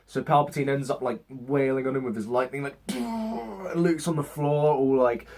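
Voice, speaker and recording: A man's voice: medium pitch, normal speed, a little mellow. A young man giving a casual, sarcastic movie review, swearing freely and acting out scenes in mock voices.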